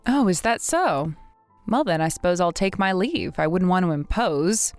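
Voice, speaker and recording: Woman as fed-up young woman, firm and indignant, lively pitch. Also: normal speed, no room sound, faint music behind. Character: fed-up young woman confronting her rival. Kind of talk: text-message drama reading.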